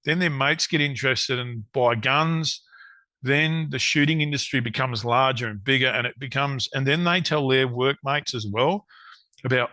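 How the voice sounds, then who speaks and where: A man's voice: mid-range voice, normal speed, sharp tone, no echo. An Australian man, a guest on a hunting podcast, chatting casually and acting out what people said to him. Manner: rambling storyteller, acts out quotes.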